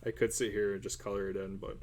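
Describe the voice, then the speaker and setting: A man's voice: fairly low pitch, flat delivery, quick pace, darkish tone. A man chatting casually and rambling while drawing on a livestream, with a somewhat nasal voice, recorded on a cell phone. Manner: rambling, self-deprecating, hums and sings snatches while drawing. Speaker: artist streaming a drawing session.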